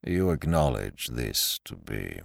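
A man's voice: a bass voice, sing-song, slow pace, creaky, no room sound, clean studio sound, pitched below the performer's own voice, exaggerated voice. A man doing a muffled, weary old lawyer. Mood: grave. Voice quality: muffled, faint. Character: slow, muffled, weary older male lawyer.

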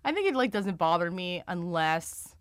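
A woman co-hosting a casual podcast chat with loose, crude humor and loud laughs. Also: on the low side, very animated, normal speed, clean tone, no room sound, studio quality. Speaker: podcast co-host.

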